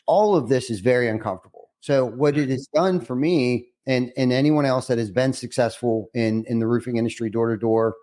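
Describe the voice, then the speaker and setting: A man's voice: medium pitch, a little fast, few pauses, dark tone. A man hosting a casual podcast interview, earnest and reflective, often restarting his words. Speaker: podcast host.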